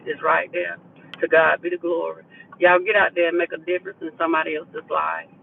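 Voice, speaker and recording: Low-talking gravelly woman preaching from a car. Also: flat delivery, a little fast, recorded from a distance, phone-quality sound, slight background noise. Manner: usually talks low, repeats phrases, calls listeners baby. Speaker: inspirational speaker. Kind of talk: live motivational preaching. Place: riding in a vehicle.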